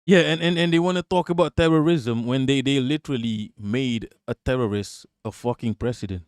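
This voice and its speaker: A man's voice: medium pitch, no room sound, clean studio sound. Ranting, profane male livestream host. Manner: ranting, profane, quick to laugh. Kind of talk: live reaction commentary.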